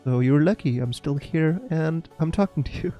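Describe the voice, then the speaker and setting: A young Indian man with an Indian English accent, chatting casually on a live stream, halting with many fillers as he answers viewers. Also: a little high, dark tone, faint music behind. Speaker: fantasy football streamer.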